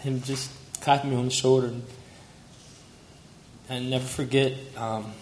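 Unhurried and darkish in tone, a young man's medium-pitched voice stays fairly flat as he delivers a memorial tribute for a family friend. He shares affectionate stories with chuckles between them, captured in a spacious hall with faint ambience and slight background noise.

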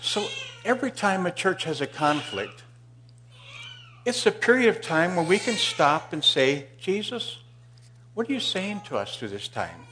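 A male pastor preaching a sermon in a church, telling a Bible story and swinging from loud emphasis to hushed asides. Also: high-pitched, big pitch swings, unhurried.

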